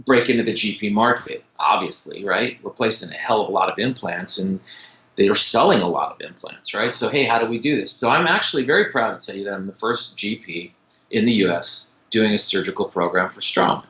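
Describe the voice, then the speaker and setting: A man, a dentist and implant educator, talking in a podcast interview as an animated, fast-talking storyteller who often restarts his sentences. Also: fairly low pitch, reverberant, low-quality recording.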